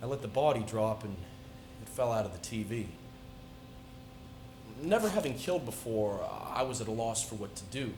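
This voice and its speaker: A teenage student performing a dramatic monologue as a calm but unhinged male serial killer on death row, confiding softly one moment and shouting in a frenzy the next. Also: on the low side, normal speed, long pauses, echoey room, slight background noise, close to an everyday voice. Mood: cold, menacing. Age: teens. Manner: soft, confiding menace breaking into frenzied shouting. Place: school auditorium stage.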